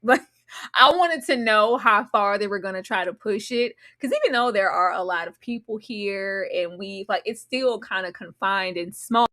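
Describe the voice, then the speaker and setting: A woman guest on a live episode discussion, talking in an animated, dramatic way with slangy asides. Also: a little high, normal speed. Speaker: guest co-host.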